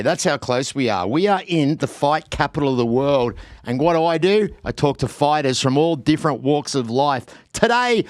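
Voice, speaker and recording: A man with an Australian accent hosting an interview podcast, energetic and laughing often. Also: a little high, dry recording, clean studio sound. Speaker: podcast host. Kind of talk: casual interview.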